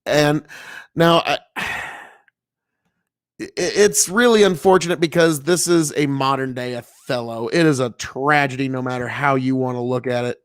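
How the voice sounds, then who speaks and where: A man's voice: mid-range voice, moderate pace, clean tone, no echo, studio quality. A man from Nebraska, a farmer, talking casually and profanely on a livestream from inside an old family mill, rambling with many fillers. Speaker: farmer streaming commentary.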